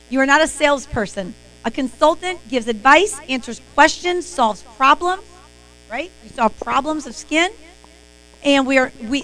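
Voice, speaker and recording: A woman's voice: high-pitched, fairly bright tone, low-quality recording. A woman hosting a live-stream sales training, talking in an emphatic, motivational way.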